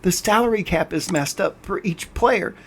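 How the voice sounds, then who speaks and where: A man's voice: high voice, moderate pace, a little hiss or hum. An older man hosting a gaming channel, commenting on a game while playing, frustrated and ranting, often stumbling and restarting his words. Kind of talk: game commentary over screen capture.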